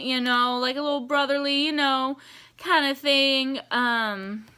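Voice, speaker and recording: A woman giving casual, animated reaction commentary on a TV episode, exasperated and swearing as she rants. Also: on the high side, smooth. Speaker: TV reaction vlogger.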